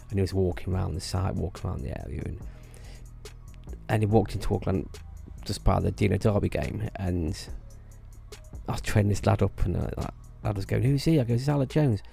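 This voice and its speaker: A man's voice: deep voice, vocal fry, dark tone. A man telling rambling casual stories about his old theme park job, restarting phrases and laughing at himself. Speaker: vlogger recalling theme park work.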